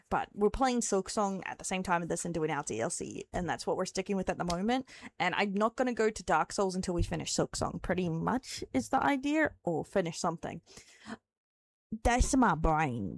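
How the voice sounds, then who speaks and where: A woman's voice: on the low side, vocal fry. Giggly, rambling Australian young woman. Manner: giggly, rambling, swears casually. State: tired. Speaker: streamer. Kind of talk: casual live-stream chat.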